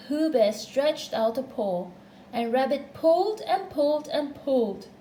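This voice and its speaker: A woman reads a children's storybook aloud in a gentle, expressive way. Her voice is high and lively, with a mellow tone. A faint noise sits behind her. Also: measured pace, echoey room, rough recording. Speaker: storybook reader. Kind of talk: storybook narration.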